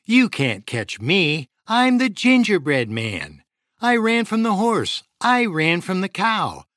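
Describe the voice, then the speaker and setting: A man voicing a boastful little gingerbread man cookie in a high, taunting sing-song for a storybook. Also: wildly swooping pitch, takes it slowly, a bit bright, dry recording, studio quality, exaggerated voice.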